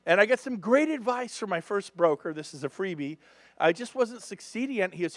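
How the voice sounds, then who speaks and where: High-voiced, energetic man revving up a crowd. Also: a little fast, no room sound, clean studio sound. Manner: energetic, joking, revs up the crowd. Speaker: real estate speaker at a business seminar. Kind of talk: live motivational talk to an audience.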